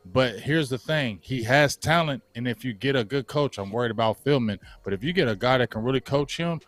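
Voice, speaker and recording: Animated slangy man on a sports stream. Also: mid-range voice, no room sound. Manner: animated, slangy, quick to joke. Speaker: co-host. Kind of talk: casual sports chat.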